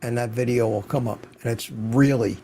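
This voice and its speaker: A man's voice: mid-range voice, fairly even intonation, moderate pace, dark tone, a little hiss or hum. An older man hosting a live stream, chatting casually, greeting viewers by name and repeating words for stress. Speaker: host. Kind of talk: casual livestream chat.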